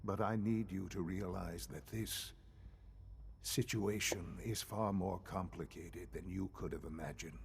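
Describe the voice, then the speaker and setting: An actor playing a calm elderly male scientist leader in a game, speaking in a measured, formal way. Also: low voice, vocal fry, slightly rough, full character voice. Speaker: game character. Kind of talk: game dialogue.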